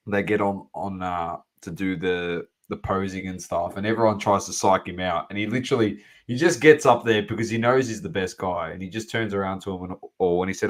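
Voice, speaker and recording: A man's voice: deep voice, fairly even intonation, fairly quick. An Australian man co-hosting a sports podcast, chatting casually in blunt, sweary slang. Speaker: podcast co-host.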